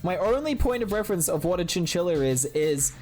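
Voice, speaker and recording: A woman with a low voice chats on a live stream, swinging her pitch up and down as she plays at being outraged. She is excitable and teasing with her viewers, and faint music runs underneath her. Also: brisk. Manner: playful mock outrage, excitable. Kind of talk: casual live-stream chat while building.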